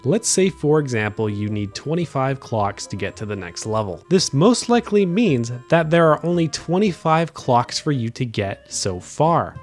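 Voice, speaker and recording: A young man doing a video game review voice-over in a flat, monotone delivery. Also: fairly high pitch. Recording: voice-over with faint game music behind.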